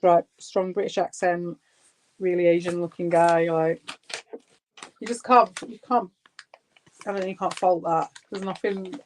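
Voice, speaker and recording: A man's voice: high-pitched, steady tone, a little slow, pauses often, a little hiss or hum, rough recording. A man chatting casually, enthusiastic and rambling, with hedges and restarts. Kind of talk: casual chat.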